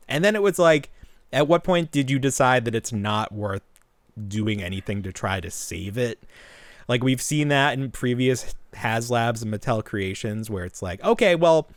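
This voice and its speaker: A man co-hosting a podcast in casual chat, animated and joking, swearing casually. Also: medium pitch, no echo, clean studio sound. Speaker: podcast co-host.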